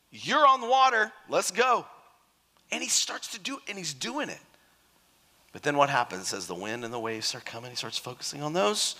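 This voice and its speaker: A lively man preaches a sermon, voice higher than most and sharply bright. He chats with the crowd and slips into characters for quotes. The sound rings with long reverb from a big hall. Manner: animated, conversational, acts out quotes.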